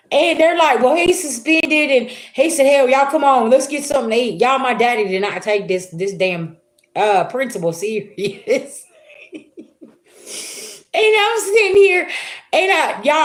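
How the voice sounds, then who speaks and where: Salty, laughing woman tarot reader. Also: high voice. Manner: talks straight to her chat. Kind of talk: casual storytelling livestream.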